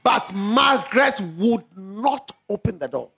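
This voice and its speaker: A man preaching an evangelistic sermon, telling a story dramatically, swinging from hushed to shouting. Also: high-pitched, big pitch swings, a little slow, vocal fry, slightly rough, muffled recording, some chatter behind.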